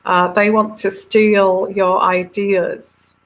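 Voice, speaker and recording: This is a woman tarot reader on a live stream, talking at an unhurried, drawn-out pace. She stays at a middle pitch as she wanders from point to point. She fills the gaps with ums and restarts and answers viewers' comments in an earnest tone. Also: level tone, poor audio. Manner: meandering, many fillers and restarts. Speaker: tarot reader and channel host.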